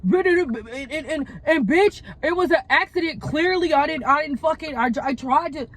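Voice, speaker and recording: A woman's voice: high voice, normal speed, voice pushed up, close to an everyday voice. A woman acting out another woman driver who curses at her and insists it was an accident. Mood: irate. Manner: cursing, defensive, shouting. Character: irate cursing woman driver.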